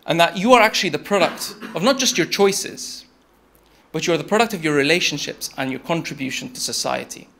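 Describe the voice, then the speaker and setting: A man's voice: fairly high pitch, animated, a little fast, gravelly, a bit bright. A young man giving a TED-style talk, telling a story in a conversational way and speaking to the audience directly.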